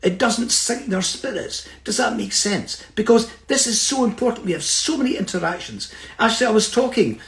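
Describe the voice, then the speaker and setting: A man's voice: sits high, animated, moderate pace, creaky, fairly bright tone. A middle-aged man giving a personal storytelling talk in an earnest, reflective way, checking in with his listeners as he goes. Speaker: speaker. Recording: roomy echo.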